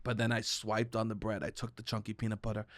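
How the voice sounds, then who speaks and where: A young man with a New York accent, co-hosting a casual podcast and telling stories loudly, breaking into shouts. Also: lowish voice, fast, no room sound, studio quality. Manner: loud, animated storytelling with shouted bursts. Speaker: podcast co-host. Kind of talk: casual chat.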